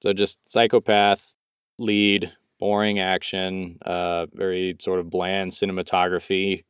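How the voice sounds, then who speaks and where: A man with a low, resonant voice talks through a movie review in an easygoing, rambling way. He laughs often and circles back on his words. The sound is dry and close. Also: level tone, a little slow, clear, resonant tone, dry recording. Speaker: podcast co-host. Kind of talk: casual movie review chat.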